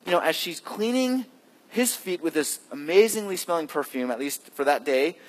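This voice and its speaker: A male pastor with a fairly high, lively voice preaches a sermon conversationally, posing questions to his listeners. He swings between loud emphasis and hushed, drawn-out phrases, and the recording carries a long hall reverb.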